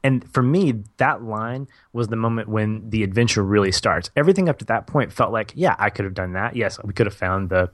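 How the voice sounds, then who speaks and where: A man's voice: lowish voice, a little fast, hardly any pauses, dry recording, clean studio sound. A man co-hosting a podcast, enthusiastically recounting favorite movie scenes and teenage memories, laughing mid-sentence. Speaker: podcast co-host. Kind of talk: casual movie discussion.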